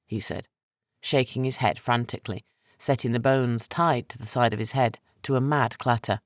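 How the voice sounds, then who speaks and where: A man narrating a historical fantasy audiobook in a steady, dramatic reading. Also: medium pitch, normal speed, no room sound, clean studio sound. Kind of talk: scripted narration.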